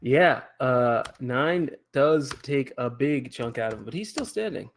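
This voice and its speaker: Gravelly-voiced man running a tabletop game. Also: mid-range voice, a little slow, slight background noise. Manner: relaxed, chuckling rulings. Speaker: game master.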